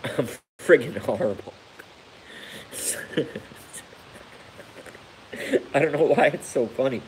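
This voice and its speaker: A man rambling slowly through a live stream on his phone, crude and self-mocking, and he breaks into laughter at his own jokes. He is hurt, so laughing pains him. A faint hiss sits under the voice. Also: medium pitch, animated, darkish tone, poor audio. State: injured, hurts when he laughs.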